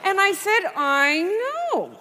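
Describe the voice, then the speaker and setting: A woman comedian telling a comic story on stage, animated and wry, with playful asides. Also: very high voice, slow pace. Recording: live hall reverb, faint noise.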